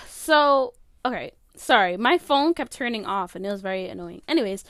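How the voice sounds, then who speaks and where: A late-teen girl hosts her own casual solo podcast from her bedroom, rambling loosely with many fillers and open emotion. Her woman's voice is medium in pitch, expressive and fairly bright, at a moderate pace, captured in a dry, studio-quality recording.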